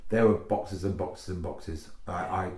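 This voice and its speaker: Comedian guest, male, low-ish voice, lively storyteller who acts out lines; roomy recording. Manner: animated storytelling, quick to act out voices. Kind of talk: casual podcast interview. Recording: echoey room.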